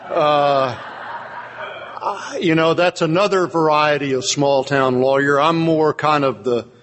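A man's voice: on the high side, slow, fairly bright tone. Self-deprecating man in his sixties. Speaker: AA speaker. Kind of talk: recovery talk. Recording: long hall reverb, faint noise.

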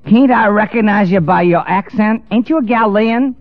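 A man's voice: high-pitched, normal speed, no echo, soft background music, voice pushed up. A preacher voicing a nosy little girl who speaks with a twangy drawl. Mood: prying. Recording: dull lo-fi recording.

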